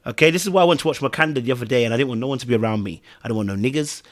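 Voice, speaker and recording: A man with a British accent co-hosting a casual podcast, animated and swinging between loud bursts and hushed asides. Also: medium pitch, racing. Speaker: podcast co-host.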